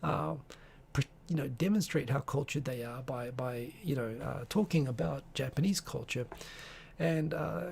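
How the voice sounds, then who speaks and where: A man's voice: mid-range voice, normal speed, creaky, darkish tone, slightly rough. A man hosting a live stream, chatting casually in a rambling, digressive way with many restarts. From Tokyo-based.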